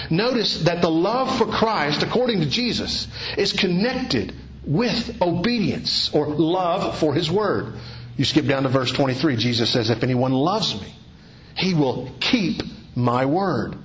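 High-voiced pastor preaching in an echoey church. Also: male voice, fairly bright tone, muffled recording, slight background noise. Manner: earnest preaching with emphatic lists and rhetorical questions. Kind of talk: expository sermon.

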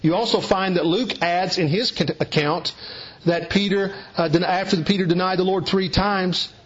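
A man with a Southern US accent teaching a sermon, explaining in a folksy way with occasional restarts. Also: a little high. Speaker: preacher. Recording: dull lo-fi recording.

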